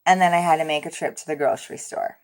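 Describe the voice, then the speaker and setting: A woman's voice: low-pitched, lively intonation, quick pace, creaky. A young woman telling a storytime vlog in a casual, profane, self-mocking way. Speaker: vlogger.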